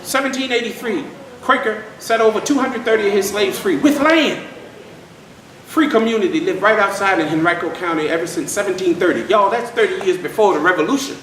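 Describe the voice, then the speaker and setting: High-voiced folksy male storyteller, far off. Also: fairly quick, fairly bright tone. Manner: folksy, addresses crowd as y'all. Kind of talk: live storytelling to an audience. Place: historic site event. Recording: echoey room from far off.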